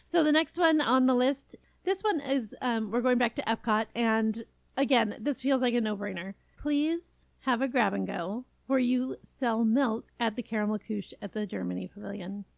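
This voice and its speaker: A woman's voice: on the high side, normal speed, vocal fry, dry recording. A woman from California co-hosting a podcast in casual, enthusiastic chat. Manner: chatty, enthusiastic, laughs often. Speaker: podcast co-host.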